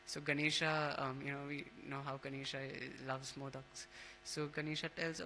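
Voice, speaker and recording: A man leading a temple scripture class, telling a devotional story in a casual, halting way, with many fillers and restarts. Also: mid-range voice, level tone, sharp tone, slight background noise, rough recording.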